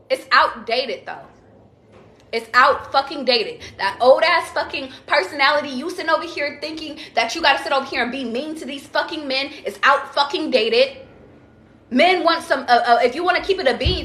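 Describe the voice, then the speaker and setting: A woman's voice: high voice, bright, forceful tone. A young woman giving a blunt, profane, fired-up rant as a tarot vlogger, preaching straight to her viewers. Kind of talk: ranting vlog monologue. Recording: echoey room.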